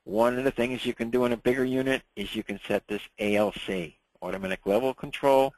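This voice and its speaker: A man teaches a ham radio class in a loose, conversational way, checking in with his listeners as he goes. His voice has a rough, gravelly texture, and the sound is dry and close. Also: medium pitch, brisk, no echo, poor audio. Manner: relaxed, chatty, checks in with "right?" and "okay?".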